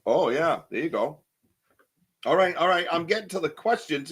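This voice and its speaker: A man's voice: a little high, very animated, moderate pace, a bit bright, slightly rough. A man hosting a casual live podcast, rambling and chatty as he reads viewer comments aloud, with lots of ums and restarts. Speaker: podcast host.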